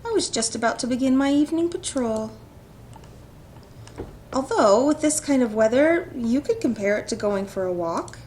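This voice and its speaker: A woman's voice: a little high, lively intonation, moderate pace, darkish tone, a little hiss or hum, natural voice. A woman voicing a dutiful, formal male town guard captain, reading a visual novel aloud in a stiff, proper way.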